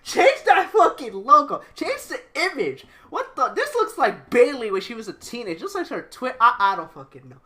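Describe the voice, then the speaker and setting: A woman's voice: sits high, very animated, normal speed, few pauses, pushed and bright. A woman ranting in a profane video game reaction, swearing constantly and breaking into laughter. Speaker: gaming video creator.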